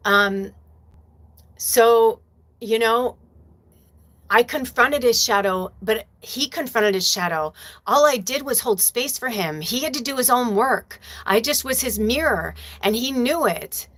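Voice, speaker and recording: A woman's voice: on the high side, animated, measured pace, a bit bright. A woman hosting a spiritual livestream, talking in a casual, emotional and profane way and reading viewer comments aloud. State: tearful at times. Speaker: spiritual medium, livestream host.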